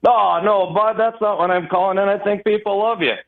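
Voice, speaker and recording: A man's voice: high-pitched, fairly even intonation, fairly quick. A man from Minnesota with a Minnesota accent, calling into a radio show in a folksy, easygoing way over a phone line. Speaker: caller. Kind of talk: casual phone-in chat.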